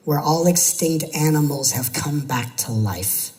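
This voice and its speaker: A spiritual teacher gives an earnest talk to an audience, building his points through repetition and occasionally slipping into playful mimicry. His voice is on the high side and darkish in tone, a little slow with few pauses, and the recording is rough.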